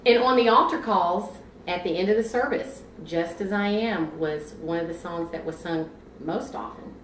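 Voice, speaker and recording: A woman's voice: on the low side, normal speed, recorded from a distance, a little hiss or hum. A woman animatedly recalling the revival tents and altar calls of her childhood. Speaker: choir member. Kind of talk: reflective interview talk. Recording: roomy, off-mic with faint ambience.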